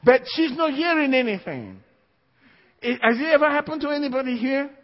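This preacher's voice is extremely high, with lively intonation and a fairly quick delivery. He addresses his congregation emphatically, repeats key phrases, and lets out little laughs between points, all captured in a dull lo-fi church hall recording with long reverb.

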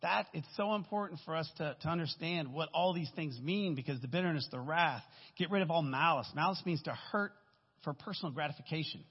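Fast-talking husky man preaching. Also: on the high side. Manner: candid, rambling, keeps asking "right?". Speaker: guest speaker. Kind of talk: informal testimony sermon. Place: church sanctuary. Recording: dull recording with long hall reverb.

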